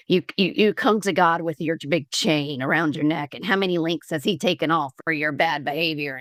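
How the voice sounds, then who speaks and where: A woman from Georgia telling her story as a podcast guest, earnest and halting with many restarts. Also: low voice, fairly bright tone, dry recording, clean studio sound. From Columbus, Georgia, US. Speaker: podcast guest, liver transplant recipient. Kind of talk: candid conversational storytelling.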